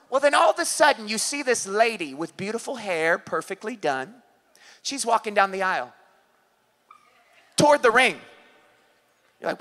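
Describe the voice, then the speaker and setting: A male pastor with a Californian accent, preaching an impassioned sermon, often shouting and acting out little scenes. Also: sits high, very animated, normal speed, long pauses. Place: church service.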